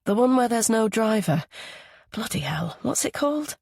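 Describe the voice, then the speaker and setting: A man's voice: sits high, very animated, moderate pace, gravelly, a little mellow, no echo, studio quality, voice pushed up, full character voice. A man voicing a tense, grieving woman near thirty, clipped and curt. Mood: musing.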